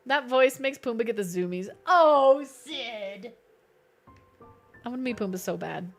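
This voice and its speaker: A woman's voice: fairly high pitch, quick pace, soft background music. A young adult woman chatting casually while streaming a game, playful and talkative as she reads chat aloud. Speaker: livestreamer.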